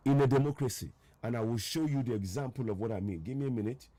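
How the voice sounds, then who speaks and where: Every so often he hammers one point home with insistent rhetorical questions. A man hosts a live stream, pitched in the middle and steady in tone. His delivery moves between quiet explaining and loud, repeated demands that the viewer look and see. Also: quick pace, no echo. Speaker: live broadcast host. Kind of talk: live online commentary with callers.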